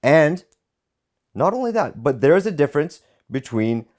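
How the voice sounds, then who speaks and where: A man's voice: on the high side, moderate pace. A man co-hosting a podcast, arguing heatedly about a court ruling and reading it aloud, swearing often. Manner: animated, swears a lot, insistent. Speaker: podcast co-host, lawyer.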